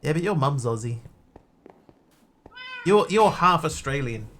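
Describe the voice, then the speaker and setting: A man talks through his game stream in an easy, joking way, reading chat aloud between tasks. His voice sits a little higher than most men's. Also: lively intonation, a little slow, fairly bright tone, a little hiss or hum. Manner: chatty, jokey, reads chat aloud.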